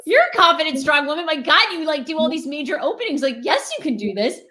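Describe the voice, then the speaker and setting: High bouncy-voiced lady host, chatty and excited, lots of wow and oh my god. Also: fast, noisy background. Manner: enthusiastic, reacts with exclamations. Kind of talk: casual chat.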